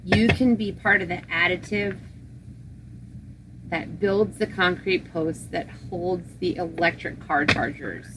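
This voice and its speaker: A woman's voice: lowish voice, steady tone, slow, background noise. Chatty woman telling a story. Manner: chatty storyteller, easily grossed out. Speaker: podcast co-host. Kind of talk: casual chat.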